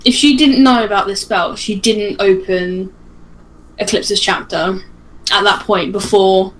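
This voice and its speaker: A woman's voice: medium pitch, steady tone, a little slow, a little hiss or hum, rough recording. A woman chatting casually about a cartoon series on a livestream, thinking aloud and trailing off mid-sentence. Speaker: guest discussing a cartoon series.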